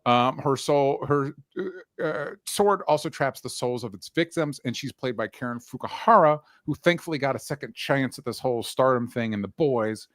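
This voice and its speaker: A man co-hosting a casual movie podcast, recapping the plot with wry asides and many quick yeahs. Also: mid-range voice, a bit bright, no room sound, clean studio sound. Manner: laid-back, lots of fillers and quick yeahs. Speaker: podcast co-host. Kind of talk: casual movie review chat.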